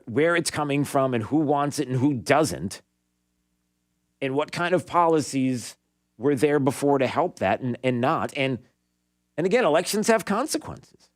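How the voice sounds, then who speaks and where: A man's voice: mid-range voice, dry recording, clean studio sound. A man hosting a talk radio show, giving an opinionated monologue in a sarcastic way and bantering with his producer.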